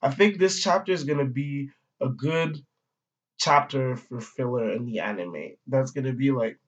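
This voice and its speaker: Here a male manga reviewer talks at a normal speed in a mid-range voice, wandering casually through his take on a comic chapter with plenty of slang, swearing and fillers. It's an audio-only recording, and the quality is dull and lo-fi.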